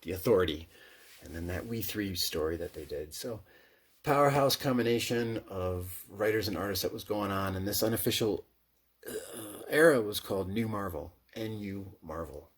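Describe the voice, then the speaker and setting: A man with a Midwestern American accent chats casually and enthusiastically about his comic book collection, rambling with restarts in slangy, profane language. His voice is low and moderately paced.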